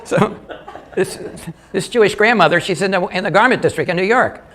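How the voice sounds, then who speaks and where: An older man doing live stand-up comedy, telling jokes in a halting way with many restarts and small chuckles. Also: high voice, pushed and bright.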